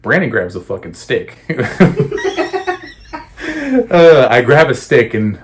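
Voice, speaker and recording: A man's voice: medium pitch, big pitch swings, takes it slowly. A young man co-hosting a podcast, telling childhood stories in casual chat, swearing freely and laughing often. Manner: profane, joking, laughs often. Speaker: podcast co-host.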